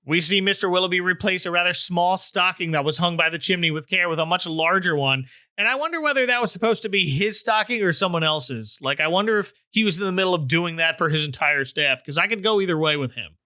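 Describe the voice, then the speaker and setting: Podcast host: middle-aged man, high bright voice, dry close mic, wry and joking. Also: fast talker, hardly any pauses, no room sound. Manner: wry, joking, puts on silly voices for quotes. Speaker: podcast host recapping a TV special. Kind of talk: casual chat.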